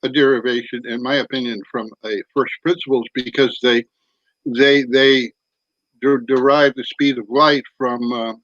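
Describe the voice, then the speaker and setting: A middle-aged man chatting as a guest on a video call, halting with many restarts. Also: mid-range voice, flat delivery, a bit bright, dry recording, highs cut off. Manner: halting, many restarts, eating while talking. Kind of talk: casual video-call chat.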